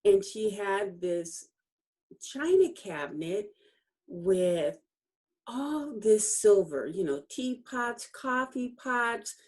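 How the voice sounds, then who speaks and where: A middle-aged woman, a guest author, telling a personal story in a casual interview, acting out the dialogue and laughing often as she remembers. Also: mid-range voice. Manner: animated storytelling, acts out quoted dialogue; laughs often while recalling.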